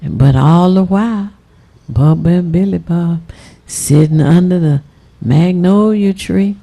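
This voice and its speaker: A woman's voice: on the low side, takes it slowly, gravelly, mellow. A woman telling mocking stories in a casual talk-show conversation. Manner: storytelling, mocking.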